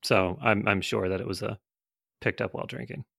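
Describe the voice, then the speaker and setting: Man, casual chat, dry quips, blunt, profane, bright voice, dead dry sound. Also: fairly low pitch, steady tone, brisk, vocal fry, husky, no room sound.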